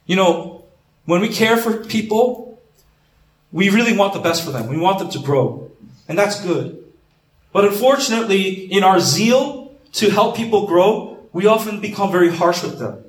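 Male pastor with a high voice, earnest preaching, roomy echo on the recording. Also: animated, moderate pace. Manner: earnest, repeats words, asks questions. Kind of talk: sermon. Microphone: camera.

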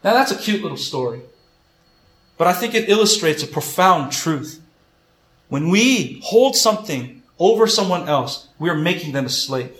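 A man's voice: high-pitched, fairly bright tone. A man preaching a sermon, earnest and emphatic, retelling a story and repeating his key points. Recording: echoey room.

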